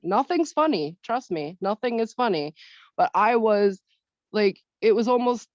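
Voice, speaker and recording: A woman taking part in a breathwork session shares her experience on a video call, speaking candidly and haltingly while she searches for words. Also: mid-range voice, lively intonation, no echo. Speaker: session participant. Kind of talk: personal sharing on a video call. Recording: dull, dry video-call audio.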